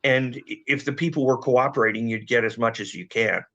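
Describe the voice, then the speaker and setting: A man with a tiring, slightly hoarse voice talks through investigative procedure in a measured, filler-laden way. The sound is dull and lo-fi, like a remote call feed. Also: mid-range voice, steady tone, a bit bright. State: losing his voice. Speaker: former law enforcement guest. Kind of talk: conversational expert analysis. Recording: dull lo-fi audio.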